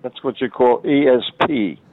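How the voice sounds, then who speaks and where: A man on a call-in line boasts and insists, going over the same claims again and again. His voice comes through a dull, lo-fi connection with a middling pitch. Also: normal speed. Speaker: caller.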